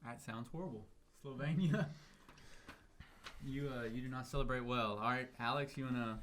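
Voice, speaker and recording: A man's voice: medium pitch, moderate pace, a bit bright, a little hiss or hum. A man hosting a casual podcast chat, joking and laughing often. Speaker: podcast host.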